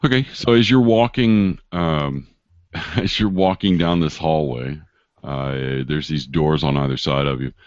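A man running a tabletop game as game master, narrating haltingly and searching for words with many fillers. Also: extremely low pitch, no room sound. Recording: dull dry lo-fi recording.

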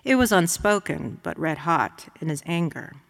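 A woman from the United States reads her own prose aloud to a lecture audience. Her voice sits a little low, and her delivery is measured and reflective. The sound carries the long reverb of a large lecture hall. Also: sing-song, gravelly. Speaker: author reading her work. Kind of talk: reading aloud at a public lecture.

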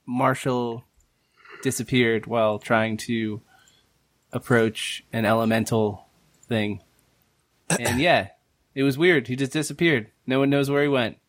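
A man's voice: medium pitch, unhurried, long pauses, no echo. Joking irreverent man, dry close sound. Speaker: player. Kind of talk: casual podcast banter.

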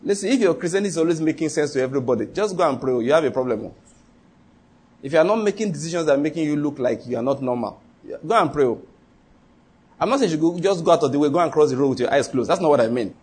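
A man's voice: fairly high pitch, expressive, quick pace, a little mellow, husky. A man preaching a sermon as pastor, emphatic and repetitive, often quizzing the congregation with rhetorical questions.

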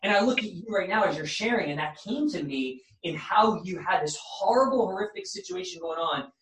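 A man's voice: sits high, big pitch swings, a little fast, creaky, a bit bright, slight background noise. A man hosting a podcast as a life coach, giving fervent, preachy motivational encouragement. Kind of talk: motivational speaking. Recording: echoey room, mic at a distance.

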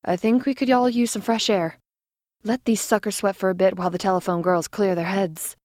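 A woman's voice: medium pitch, steady tone, brisk, darkish tone, dry recording, clean studio sound, close to an everyday voice. A woman voicing a brash, slangy older woman who runs the switchboard girls like a den mother. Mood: bossy. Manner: blunt, slangy, bossy.

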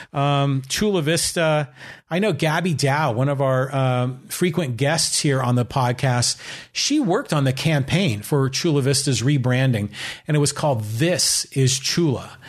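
A man hosting a podcast in a casual, rambling way, full of ums, restarts and little chuckles. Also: mid-range voice. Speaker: podcast host.

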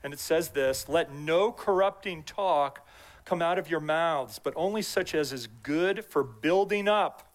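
A middle-aged man preaches in a relaxed, conversational way, circling back to repeat his key phrases. His voice sits a little higher than most men's. He drops in personal asides between the readings. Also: unhurried. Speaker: pastor. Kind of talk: sermon.

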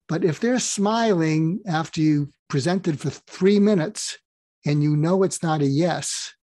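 A man's voice: fairly high pitch, no room sound. A man talking as a podcast guest, explaining his ideas through stories and acting out little bits of dialogue. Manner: animated storyteller who acts out dialogue. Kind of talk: conversational interview, explaining with stories.

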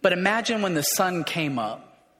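High-voiced man preaching in a reverberant hall. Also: lively intonation, normal speed, background noise. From raised in a city. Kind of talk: sermon.

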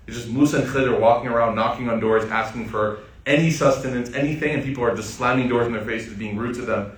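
Lively man preaching in an echoey hall. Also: mid-range voice, quick pace. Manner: lively, conversational retelling addressed to the audience. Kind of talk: sermon storytelling. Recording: echoey room, distant mic.

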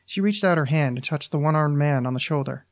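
A podcast host reading his own short story aloud in an even, measured way. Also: fairly high pitch.

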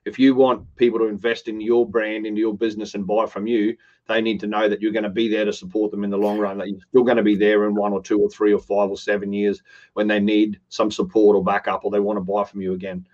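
A man's voice: fairly low pitch, little pitch movement, fast talker, a little mellow. Earnest man, lo-fi sound. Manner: earnest, repeats and restarts phrases. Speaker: co-host. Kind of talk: business podcast chat.

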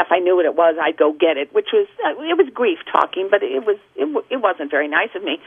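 A woman's voice: mid-range voice, husky. A woman guest speaking earnestly and reflectively on a radio talk show, heard over a telephone line. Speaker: guest, grief author.

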